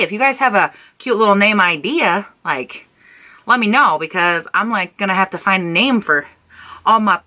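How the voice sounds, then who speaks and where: A young woman chats to her camera about makeup in a relaxed, animated way, full of playful asides. Her voice has a bright, forward tone. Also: mid-range voice. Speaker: beauty vlogger. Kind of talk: casual chat to camera.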